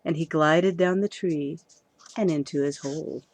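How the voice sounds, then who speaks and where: A woman reading a children's storybook aloud, lively and expressive. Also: deep voice, moderate pace, no echo.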